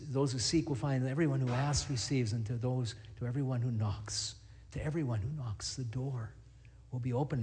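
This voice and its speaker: A middle-aged man, a pastor, preaching a sermon and telling stories in a lively, animated way. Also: mid-range voice. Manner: storytelling, animated, acts out scenes.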